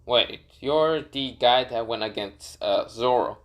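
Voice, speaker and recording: A man voicing a young male pirate hero in a fan story, his speech soft, muttered and apologetic. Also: mid-range voice, takes it slowly, close to an everyday voice. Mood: confused.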